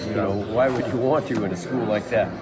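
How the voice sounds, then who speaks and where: A man telling a casual, emotional story in a halting way, often repeating his words. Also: medium pitch. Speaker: storyteller recounting a school visit. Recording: crowd chatter and music behind.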